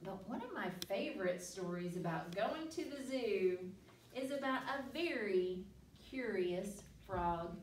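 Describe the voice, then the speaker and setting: A woman's voice: medium pitch, expressive, unhurried, a little hiss or hum. A woman hosting a library story time, reading aloud to children with playful animal sounds. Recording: echoey room, mic far off.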